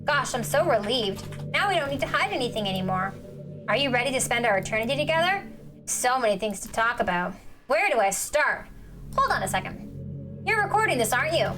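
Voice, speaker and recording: A woman reading aloud as a devoted teen girl club president, soft and confiding, over game music. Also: on the high side, big pitch swings, a little fast. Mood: tender.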